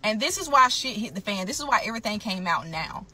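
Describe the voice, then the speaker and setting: Bright-voiced woman, blunt and emphatic. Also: mid-range voice, sing-song, fast talker. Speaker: vlogger telling her own story. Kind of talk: candid storytelling to camera.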